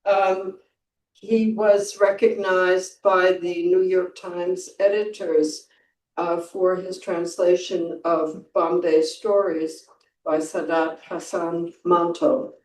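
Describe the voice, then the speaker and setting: Slow-paced woman introducing a speaker. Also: lowish voice, flat delivery, darkish tone. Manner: halting, with frequent ums. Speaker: ceremony host. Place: library event hall. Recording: roomy, distant mic with faint ambience.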